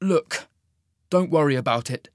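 A sullen, hot-tempered young man, voiced by a man in a raised, loud, petulant voice. He snaps each line sharply in a storybook reading. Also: high voice, expressive, normal speed, dry recording, clean studio sound, voice pushed up. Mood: angry.

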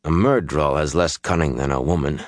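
A man voicing a stern, proud desert warrior in an audiobook, speaking in a flat, clipped way. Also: rumbling low, fairly quick, no room sound, clean studio sound. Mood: angry.

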